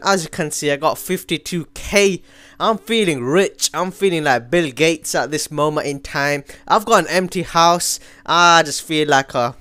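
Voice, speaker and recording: A young man giving live commentary over his own gameplay, excitable, switching between mumbled asides and sudden yells. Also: fairly high pitch, smooth, dry recording. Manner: excitable, swings from mumbling to yelling. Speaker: gaming commentator. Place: home room.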